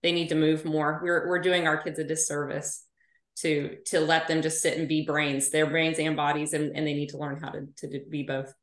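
A woman's voice: low-pitched, normal speed. Chatty woman physical therapist, roomy sound. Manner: chatty storyteller, animated asides. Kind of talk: casual podcast interview. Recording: roomy echo.

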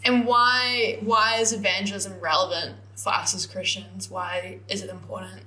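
A young woman hosts a casual podcast interview, her tone affirming and encouraging as she asks her questions. Her voice is bright and clear, with a noticeable room echo around it. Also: mid-range voice, fairly even intonation, normal speed. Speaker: podcast host. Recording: roomy echo.

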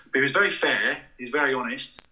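Bright-voiced man telling stories. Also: medium pitch, fast, poor audio. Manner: rambling anecdotal, many restarts and fillers. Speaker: interviewee. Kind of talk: casual storytelling.

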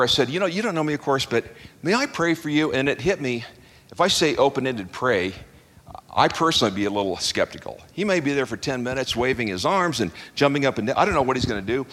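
A man's voice: lowish voice, a bit bright. A middle-aged man preaching to a congregation, a folksy, chuckling storyteller who restarts his sentences, then leading a closing prayer. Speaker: pastor. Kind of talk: sermon with stories and closing prayer. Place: church hall before a congregation. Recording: long hall reverb.

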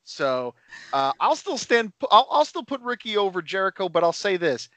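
A man co-hosting a casual wrestling podcast, animated and playful as he banters with his co-host. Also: high voice, normal speed, a crowd in the background.

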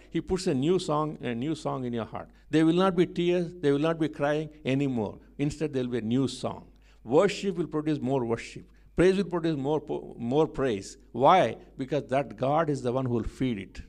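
A male preacher delivering a sermon with fervent, repetitive emphasis. His voice sits fairly high for a man, and he moves between hushed moments and forceful rises. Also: gravelly. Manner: emphatic, repetitive, swings between soft and loud.

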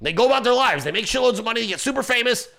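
Brash male commentary host, swearing rant, lively swooping delivery, bright forceful tone. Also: very high voice, rapid-fire, creaky. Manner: profane, confrontational ranting; mocks people with quoted voices.

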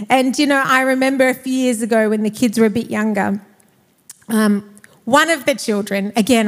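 A woman in her forties preaching a sermon in church, telling family stories with frequent laughter. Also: high voice. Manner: storytelling with laughs. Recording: reverberant church hall.

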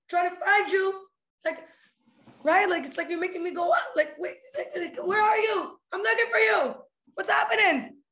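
A woman hosting a podcast, giving a casual motivational talk in a playful, animated way and calling her listeners guys and family. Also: a little high, roomy sound. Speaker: podcast host.

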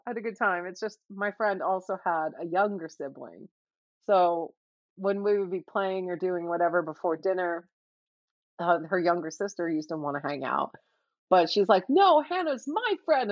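A woman's voice: on the low side, normal speed, dry recording, lo-fi sound. A woman co-hosting a casual chat, telling childhood stories with lots of laughter and acted-out quotes. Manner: animated storyteller, laughs often, acts out quoted voices.

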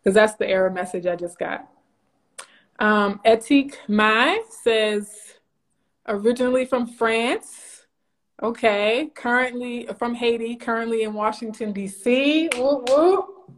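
A bubbly woman hosts a casual live stream. Her voice sits a touch high, and she laughs often as she greets viewers by name. She talks into a phone or computer mic. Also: measured pace. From Louisiana, USA.

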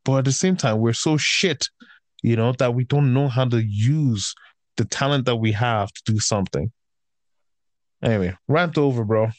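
A fed-up man venting in a loose, profane rant. His voice sits at an ordinary middle pitch, jumping up in bursts of frustration and sinking into weary mutters. The sound is dry and close, with no room around it. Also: moderate pace, no room sound. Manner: heated, profane, exasperated ranting; swings between raised outbursts and tired grumbling. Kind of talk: casual ranting chat.

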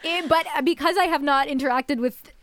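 A young woman co-hosting a podcast in a loose, sarcastic ramble, her voice a little high. The sound is close and dry, with no room around it. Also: moderate pace, fairly bright tone, dry recording. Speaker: podcast co-host. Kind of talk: casual chat.

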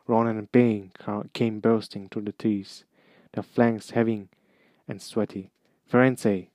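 A man reading a fantasy story aloud as narrator, steady with occasional slips and restarts. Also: lowish voice, a little slow, no room sound. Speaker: reader. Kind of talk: amateur audiobook reading.

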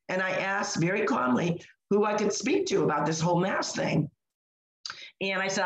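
A woman's voice: fairly low pitch, lively intonation, moderate pace. A woman co-hosting a podcast, telling an indignant story in casual chat, full of fillers and restarts. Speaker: podcast co-host. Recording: echoey room.

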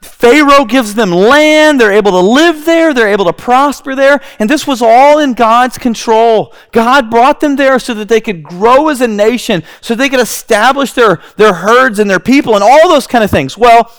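A man preaching a sermon, retelling a scripture story and quoting its characters in lively, acted-out voices. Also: unhurried, smooth. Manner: drops low and quiet when quoting characters.

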